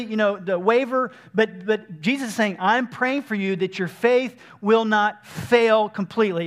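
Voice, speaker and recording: A man's voice: high voice, a bit bright. A man preaching a sermon, explaining scripture earnestly and acting out the speakers in his own words.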